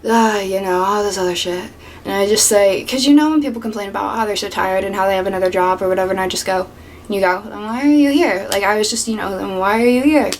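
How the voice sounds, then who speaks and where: A young woman tells stories from her job in a loose, animated storytime vlog and swears freely along the way. Her pitch sits right in the middle for a woman. A faint steady hum runs under her voice. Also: fast talker. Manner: animated, swears freely, drops to whispers for asides. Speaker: vlogger. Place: home room with a fan.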